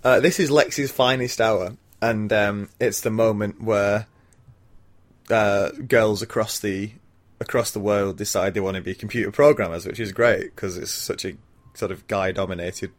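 A man's voice: lowish voice, fairly even intonation, normal speed. A man casually recapping a film plot for a podcast, rambling with ums and little laughs. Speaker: podcast co-host.

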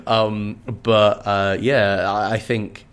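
Chatty, animated man with a low voice. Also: clear, resonant tone. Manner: chatty, animated, with frequent fillers and restarts. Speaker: podcast co-host. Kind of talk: casual book discussion.

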